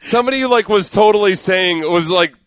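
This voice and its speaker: A man's voice: high-pitched, brisk, dry recording. A man co-hosting a sports radio show, a former defensive lineman who rants with emphatic outbursts in casual banter. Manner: animated, ranting with emphatic outbursts. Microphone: studio microphone.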